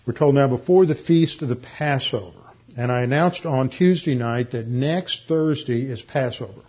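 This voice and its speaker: Male pastor, husky, mid-pitched, measured Bible teacher; dull lo-fi recording. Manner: measured, explanatory, slows to stress key phrases.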